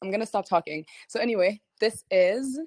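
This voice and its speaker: A woman's voice: mid-range voice, fairly quick, warm tone, no room sound. A young woman singer chatting casually on a livestream, rambling and giggling, full of "like" fillers. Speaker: singer hosting a streaming listening party.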